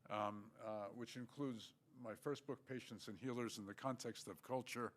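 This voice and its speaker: An older man giving an academic lecture, measured and halting, with many fillers. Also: mid-range voice, fairly even intonation. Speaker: guest lecturer.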